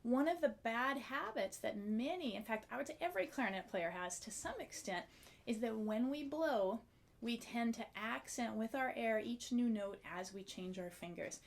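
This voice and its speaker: A woman's voice: on the high side, animated, moderate pace, gravelly, slight background noise. A woman teaching a clarinet video lesson, explaining a breathing technique in a friendly, step-by-step way and demonstrating as she goes.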